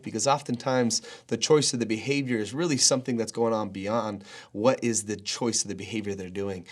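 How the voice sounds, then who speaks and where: A man in his thirties, a pastor, giving an earnest, conversational daily devotional with frequent fillers. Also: medium pitch.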